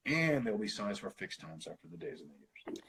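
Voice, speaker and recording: An American man leading a casual Bible study, reading verses aloud and thinking out loud between them, with the odd swear and laugh. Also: medium pitch, lively intonation, fairly quick, vocal fry, a little hiss or hum, poor audio. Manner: thinks aloud, swears, laughs, reads Hebrew then explains.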